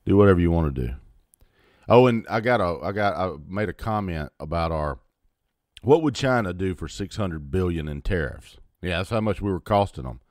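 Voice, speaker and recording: A man's voice: deep voice, animated, moderate pace, no room sound, studio quality. Blunt, profane man in his fifties ranting. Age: 50s. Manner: sarcastic asides. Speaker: host. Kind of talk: political rant to camera.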